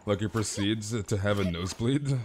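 A man's voice: fairly low pitch, normal speed, background noise. A young man streaming a game live, rambling casually with stammered restarts and slang while talking to his chat. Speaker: gaming livestreamer.

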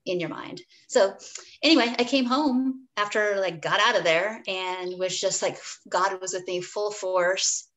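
Over poor audio, a woman's mid-range, somewhat bright voice moves at a measured pace. As an interview guest and dietitian, she shares an honest personal story, earnest and peppered with asides and restarts, occasionally acting out what her past self said.

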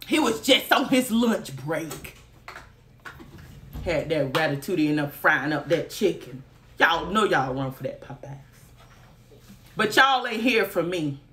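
Animated woman telling a story. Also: sits low, a little slow, pauses often, slight background noise. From Alabama. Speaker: vlogger. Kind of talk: casual storytime.

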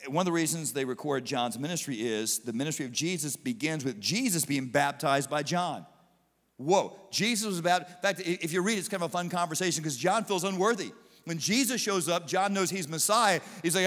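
A man with a fairly high voice preaches to a large congregation, animated and playful, slipping into brief impersonations of the people in his stories. His voice carries a long reverb from the auditorium around him. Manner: animated, acts out biblical figures in quick asides. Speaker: pastor. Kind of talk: sermon.

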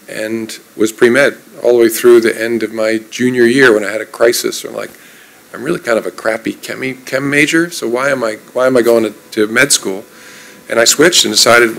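A man in his fifties from New Jersey, guest in an onstage conversation, telling relaxed stories with self-deprecating humor. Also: medium pitch, gravelly, low-quality recording. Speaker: guest speaker.

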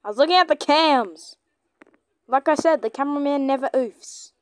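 A woman giving excitable gameplay commentary, chatting to a companion and shouting at teammates. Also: high voice, normal speed, no echo. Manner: chatty, talks to a toy companion. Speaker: gamer.

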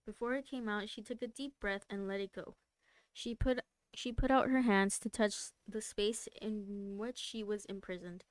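A woman streamer reading a novel aloud live, soft-spoken, now and then stumbling and restarting a word. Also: mid-range voice, steady tone, moderate pace, no room sound. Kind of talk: live read-aloud narration.

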